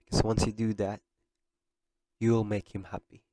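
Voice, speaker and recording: Earnest, emotional young man, low voice. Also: flat delivery, normal speed, mellow. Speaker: podcast host. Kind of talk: heartfelt podcast monologue.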